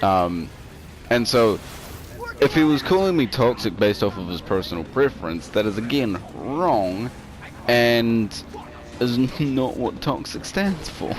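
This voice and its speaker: A man's voice: medium pitch, expressive, slow pace. A young man co-hosting a casual gameplay chat, rambling with lots of fillers. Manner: rambling, filler-heavy, drops to mumbles. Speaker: co-host.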